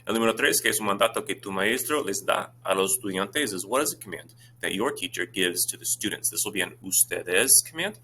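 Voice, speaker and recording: A man, a Spanish teacher talking his students through exam questions in a brisk, informal way with many fillers. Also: lowish voice, animated, sharp tone, a little hiss or hum.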